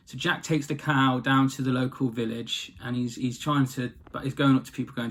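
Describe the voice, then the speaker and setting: A man's voice: mid-range voice, steady tone, normal speed. A man casually telling a fairy tale, in a rambling, chatty way that often corrects itself. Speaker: storyteller. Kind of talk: casual storytelling.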